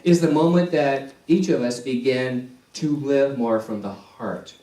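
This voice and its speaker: A male minister preaching a sermon in a slow, deliberate way, repeating key phrases for emphasis. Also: mid-range voice, dark tone. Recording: echoey church hall, distant mic.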